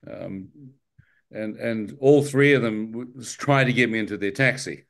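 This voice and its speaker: A man's voice: fairly low pitch, unhurried, creaky. A man telling his near-death story, acting out the dialogue and laughing often, with a New Zealand accent. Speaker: guest telling his testimony. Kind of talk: spoken testimony storytelling.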